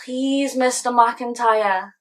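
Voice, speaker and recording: A woman's voice: a little high, fairly even intonation, takes it slowly. A woman with a British accent playing a defiant teenage schoolgirl who pleads and rants in a cheeky, sulky way. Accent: British English. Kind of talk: scene acting.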